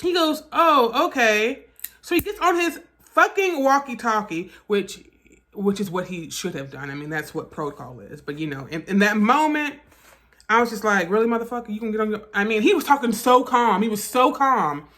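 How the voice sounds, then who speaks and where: A woman telling a story straight to camera, her voice sitting at an ordinary middle pitch. She is animated and emphatic, and she swears freely as she talks. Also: moderate pace. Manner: animated, profane, emphatic retelling. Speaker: vlogger. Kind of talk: casual storytime narration.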